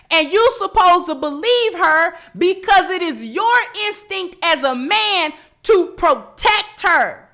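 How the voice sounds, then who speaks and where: A woman with a high, bright voice delivers livestream commentary at an unhurried pace. She lectures by repeating rhetorical questions, each one pressing the point again. Her tone stays sharp and emphatic throughout. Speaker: online commentator.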